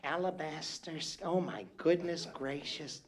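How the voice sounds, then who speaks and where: A man's voice: fairly high pitch, fairly even intonation, unhurried. A male entertainer chatting from the stage at a live venue, flamboyant and teasing, calling everyone "darling.". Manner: flamboyant and teasing, with constant endearments. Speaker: stage entertainer working the crowd. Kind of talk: live stage banter with the audience.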